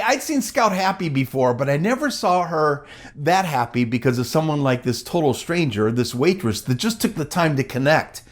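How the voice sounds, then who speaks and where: Animated man telling a story. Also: a little high. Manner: animated, acting out quoted dialogue. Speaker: gala speaker. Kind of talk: storytelling speech.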